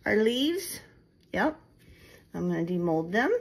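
Filming on her phone camera at her home table, a resin craft video maker talks to her viewers while she works, chatty and self-deprecating. Her mid-range voice is very animated yet slow, with vocal fry, over slight background noise in a low-quality recording.

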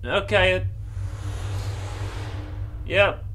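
A man with a British accent playing a horror game, jumpy and swearing, often shouting at what he sees. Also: sits high, extremely slow, slight background noise. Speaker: gamer.

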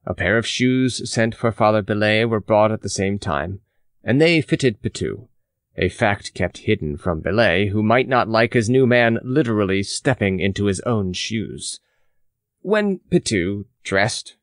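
A man narrating a classic novel in a measured, expressive audiobook reading. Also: lowish voice, no echo, clean studio sound.

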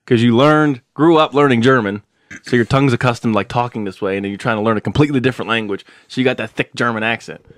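A young man co-hosting a podcast, musing out loud in a loose, rambling way with lots of fillers. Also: mid-range voice, fast, no echo, clean studio sound. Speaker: podcast co-host. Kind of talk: casual chat.

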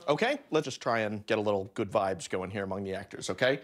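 Man, fussy director, bossy notes, lively pitch, noisy set. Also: quick pace. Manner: fussy, bossy, calling cuts and giving notes. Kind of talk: directing a scene.

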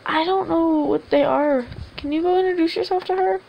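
A woman's voice: very high-pitched, steady tone, normal speed, vocal fry, lo-fi sound, a little hiss or hum. A woman giving casual, rambling commentary over her game and coaxing the characters aloud. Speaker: gameplay video host. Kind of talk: casual let's-play commentary.

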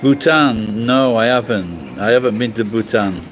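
A man's voice: fairly low pitch, unhurried, slight background noise, rough recording. Blunt rambling Englishman on a livestream. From England. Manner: rambling, blunt, swears freely. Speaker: livestream host. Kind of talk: casual livestream chat reading comments.

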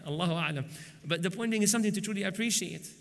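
A man preaching at a conference, telling lively stories and acting out the dialogues with humor. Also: high-pitched, racing. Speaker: Islamic preacher. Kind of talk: conference lecture. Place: large conference hall. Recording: long hall reverb.

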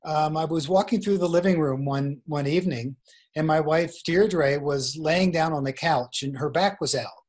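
A man's voice: a little high, moderate pace, darkish tone. A man being interviewed as a guest author over a remote internet call. He tells a long story in a meandering way, often restarting his sentences. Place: remote location in the mountains.

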